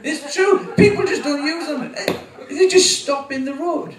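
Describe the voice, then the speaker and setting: A man's voice: very high-pitched, a little slow. A nervous man in his forties doing a rambling, sweary first stand-up set, chuckling at his own jokes. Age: 40s. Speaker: first-time stand-up comic. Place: small venue with live audience. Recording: echoey room recorded from a distance, faint ambience.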